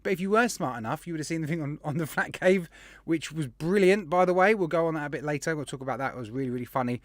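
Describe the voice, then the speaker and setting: A man's voice: fairly high pitch, quick pace, no echo. A man hosting a casual livestream, rambling and greeting viewers by name. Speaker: livestream host.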